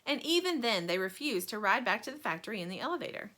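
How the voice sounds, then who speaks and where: Woman storyteller, children's book read-aloud, lively and bright. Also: medium pitch, fast. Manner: animated, friendly.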